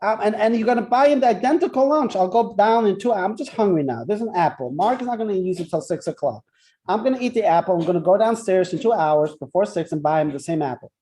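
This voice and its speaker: High, mellow male teacher, chatty and joking, always checking "right?". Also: animated, fast. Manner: chatty, keeps asking "right?", tells jokes. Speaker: Torah class teacher. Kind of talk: interactive classroom lesson.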